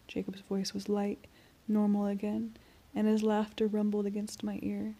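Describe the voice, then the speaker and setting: Soft-spoken gravelly woman narrator. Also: mid-range voice, moderate pace, hardly any pauses. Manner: soft and even, dropping to near-whispers. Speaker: audiobook reader. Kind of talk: amateur first-person audiobook narration.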